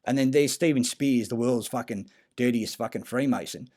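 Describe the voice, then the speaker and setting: A man giving a rambling, profane monologue, halting often with fillers and restarts. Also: mid-range voice, a little mellow. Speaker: conspiracy talker.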